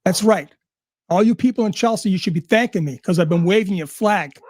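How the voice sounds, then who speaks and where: A man's voice: high-pitched, fairly quick, a little mellow, no room sound, clean studio sound. A man ranting angrily and sarcastically, swearing at almost every turn. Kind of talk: profane rant.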